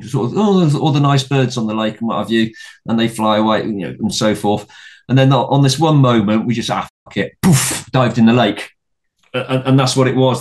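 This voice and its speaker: A middle-aged man, a podcast guest, telling a story in casual conversation, rambling with many restarts and repeated words and swearing freely. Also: medium pitch.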